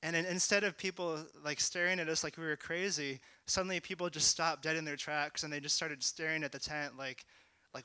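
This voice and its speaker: Young man telling a testimony, crisp and bright. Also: fairly high pitch, steady tone, fairly quick, hardly any pauses, no echo. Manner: casual, lots of "like" and "you know", rising to shouts. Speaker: speaker sharing a testimony. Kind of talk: testimony talk.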